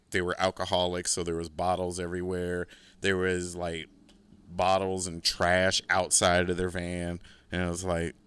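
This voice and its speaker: A man's voice: low voice, sharp tone, smooth. A man hosting a podcast, telling a rambling, profane story in a casual, laid-back way. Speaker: podcast host.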